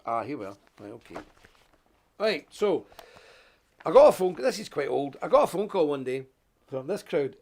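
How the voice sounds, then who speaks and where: Animated man with an Ulster accent. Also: mid-range voice, gravelly. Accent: Ulster Scots. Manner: animated, chatty, chuckles often. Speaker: host. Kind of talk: live show monologue.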